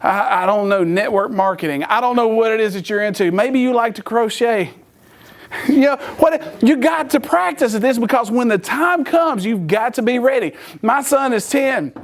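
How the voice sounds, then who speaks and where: Speaking as a church preacher, a man with a very high-pitched voice delivers a sermon-style talk at normal speed. He acts out the people in his story and laughs often as he goes.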